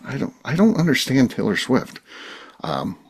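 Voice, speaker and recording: A man's voice: medium pitch, very animated, moderate pace, vocal fry, breathy edge. A man hosting a casual podcast roundtable, rambling and exasperated, swearing now and then. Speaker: podcast host.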